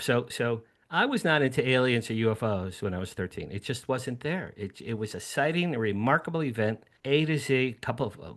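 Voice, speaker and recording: Animated older man telling a story. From New Jersey, USA. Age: 60s. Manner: animated storyteller, acts out his younger self with sudden high-pitched bursts. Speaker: guest. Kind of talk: storytelling interview. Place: home room with a drum set.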